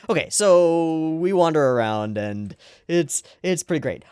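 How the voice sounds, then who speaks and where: A man's voice: on the high side, expressive, unhurried, darkish tone, clear, resonant tone, no room sound, clean studio sound. A man hosting an anime reaction channel, rambling through casual episode commentary and swearing freely along the way.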